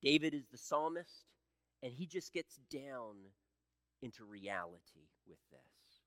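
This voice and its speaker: A man in his sixties preaching a sermon as pastor, swinging between loud emphatic peaks and hushed low passages. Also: sing-song, a little slow, no room sound, studio quality. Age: 60s.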